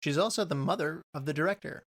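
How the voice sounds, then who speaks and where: A man's voice: on the high side, quick pace, fairly bright tone. A man co-hosting a film podcast, chatting casually and reading out trivia in a rambling way. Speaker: podcast co-host.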